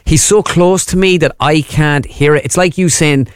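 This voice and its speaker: A man with a Midlands Irish accent, chatting casually as a comedian guest in an interview, rambling with quick asides. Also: a little high, clear, resonant tone, dry recording, studio quality.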